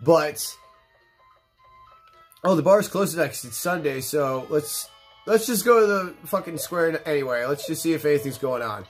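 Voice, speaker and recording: A man's voice: fairly high pitch, animated, normal speed, soft background music. A young man hosting a let's play, chatting casually in a rambling, profane, laid-back way while stoned. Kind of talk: casual gameplay commentary.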